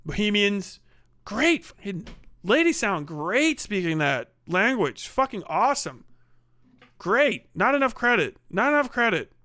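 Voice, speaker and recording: A middle-aged man chats to his stream audience in a high, bright, clear voice. His talk is profane and rambling and full of laughs. The mic sounds dry and close. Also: big pitch swings, unhurried, dry recording. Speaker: live streamer. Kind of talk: casual stream chat reading donations.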